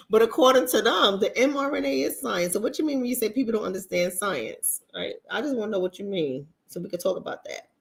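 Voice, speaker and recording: A woman's voice: a little fast, vocal fry. A woman with a Bronx accent, casually chatting with viewers on a livestream in a blunt, profane manner. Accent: New York, Bronx. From New York, the Bronx. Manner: blunt, profane, animated, mimics others in high voices. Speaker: relationship coach and livestream host.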